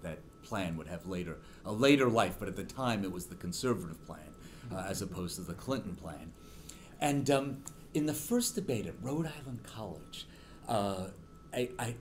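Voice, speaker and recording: Lively storytelling male professor. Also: fairly low pitch, a little hiss or hum. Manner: animated storyteller, many ums and restarts. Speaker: political science professor giving a guest lecture. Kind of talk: university lecture with anecdotes. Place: university lecture room.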